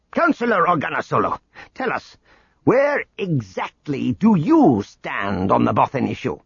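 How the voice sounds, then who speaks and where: A man voicing a scheming male alien politician who speaks in a shrill, accusing way. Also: breathy edge, dry recording, highs cut off, heavily acted.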